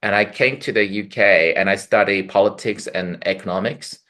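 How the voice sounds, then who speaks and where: A man's voice: on the low side, normal speed, sharp tone. A man from Taiwan, a comedian guest telling dry, self-mocking stories in a casual interview. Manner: dry, self-mocking storytelling with punchline jokes.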